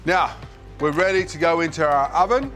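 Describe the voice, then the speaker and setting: A man's voice: a little high, animated, normal speed, fairly bright tone, soft background music. An Australian man hosting a cooking show, chatting in a friendly, jokey way as he works, on a lapel mic. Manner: friendly, jokey, thinks aloud while working. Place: kitchen set.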